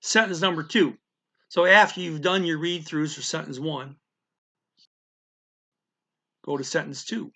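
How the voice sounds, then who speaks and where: A man walks through a language lesson one step at a time. His voice is gravelly and bright, and he keeps checking in with listeners as he explains. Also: fairly high pitch, fairly even intonation, measured pace, long pauses. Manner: explains step by step, often checks with "okay?" and "right?". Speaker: language teacher. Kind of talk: casual spoken language lesson.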